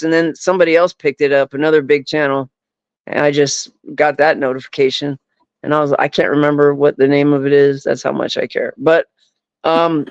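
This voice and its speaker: A man's voice: on the high side, smooth, no room sound. A man in casual chat as a podcast guest who rambles and fills his talk with "like" and "you know". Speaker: podcast guest, paranormal investigator. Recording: dull, lo-fi, dry.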